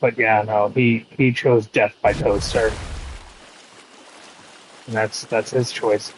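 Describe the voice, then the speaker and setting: A man streaming a game, chatting with his audience in a slow, laid-back way with lots of swearing. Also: lowish voice, level tone, a little hiss or hum, poor audio. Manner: slow, laid-back, profane banter with chat. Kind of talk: casual gaming stream chat.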